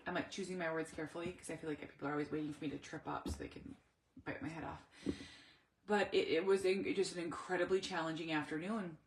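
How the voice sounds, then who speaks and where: A woman's voice: sits low, fairly even intonation, quick pace, echoey room, slight background noise. A middle-aged woman, a mother of an autistic son, talking candidly in a personal vlog, reflective and searching for words with many restarts.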